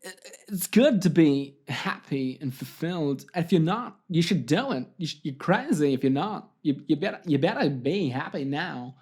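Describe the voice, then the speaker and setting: A man doing a comic impression of an older film actor, with slow, oddly stressed, halting delivery. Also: on the high side, lively intonation, darkish tone, slightly rough. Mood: menacing cheer.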